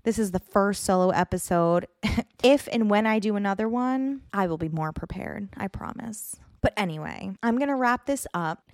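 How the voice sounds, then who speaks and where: A woman's voice: medium pitch, normal speed, dry recording, clean studio sound. A young adult woman hosting a solo podcast episode, ranting bluntly and swearing often. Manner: blunt, profane, exasperated ranting. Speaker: podcast host.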